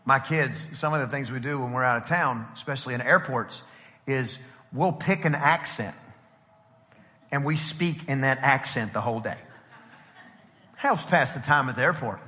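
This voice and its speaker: A middle-aged man preaching a sermon as pastor, lively and conversational, acting out quotes as he goes. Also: mid-range voice, moderate pace, long pauses. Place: church sanctuary. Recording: long hall reverb from a church.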